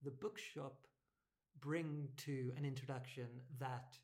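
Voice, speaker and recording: A speaker with a mid-range voice talks in a calm, reflective way. The delivery is measured and conversational, building thoughts step by step. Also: medium pitch. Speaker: bookshop podcast co-host. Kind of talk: casual conversational discussion.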